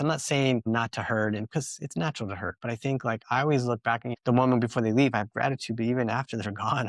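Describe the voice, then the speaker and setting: A man's voice: fairly low pitch, a bit bright, no room sound. Earnest man telling a long story, dry sound. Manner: earnest, rambling storytelling with many fillers. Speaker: dog trainer and podcast co-host. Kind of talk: casual podcast conversation.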